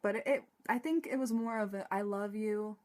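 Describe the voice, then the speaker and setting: A young woman gives a casual, rambling review of a TV episode, excitable and sighing, laughing and swearing as she talks. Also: mid-range voice, a little fast. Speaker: TV fan reviewer.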